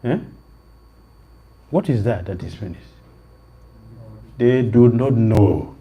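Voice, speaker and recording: Slow, emphatic preaching man with a husky voice. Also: mid-range voice, expressive, dull audio. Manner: slow, emphatic, repeats phrases, rises sharply when quoting. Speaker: swami lecturing on scripture. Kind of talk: sermon.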